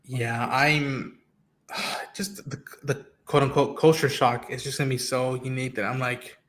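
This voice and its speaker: A man of middle pitch talking loosely on a podcast. He rambles with many restarts and breaks into quoted lines as he speaks. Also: little pitch movement, unhurried, a bit bright. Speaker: podcast co-host. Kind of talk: casual chat.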